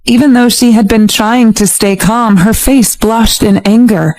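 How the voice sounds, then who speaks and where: A woman narrating a romance audiobook in a steady, even storytelling voice. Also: a little high, a little slow, hardly any pauses, low-quality recording. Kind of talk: scripted narration.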